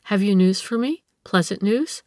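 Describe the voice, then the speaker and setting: A woman's voice: mid-range voice, moderate pace, darkish tone, no room sound, clean studio sound, natural voice. A woman voicing a proud, impulsive young woman who speaks haughtily and with strong feeling. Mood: proud, cool.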